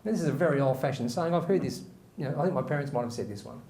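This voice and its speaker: A male comedy show host telling a long joke as a rambling, animated storyteller who acts out the characters. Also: mid-range voice, rapid-fire. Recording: roomy echo.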